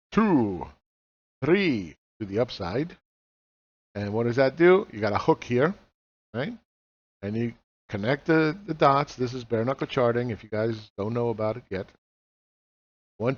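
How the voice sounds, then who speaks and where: Forties guy walking thru charts, blunt, swears a lot, keeps asking questions, bit dull lo-fi audio. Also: medium pitch. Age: 40s. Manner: blunt and profane, fires rhetorical questions. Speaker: market analyst teaching chart reading. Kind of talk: casual chart walkthrough lesson. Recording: slightly dull lo-fi recording.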